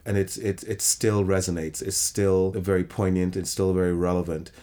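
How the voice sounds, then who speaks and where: A man's voice: sits low, level tone, moderate pace, warm tone. A middle-aged man, a theater director, talking reflectively in an interview and often restarting his sentences. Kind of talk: interview conversation.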